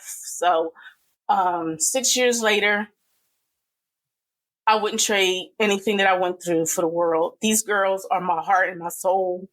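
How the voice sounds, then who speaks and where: A middle-aged woman speaking as a podcast guest, giving an earnest and emotional personal testimony with pauses and fillers. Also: medium pitch, steady tone, fairly bright tone, poor audio.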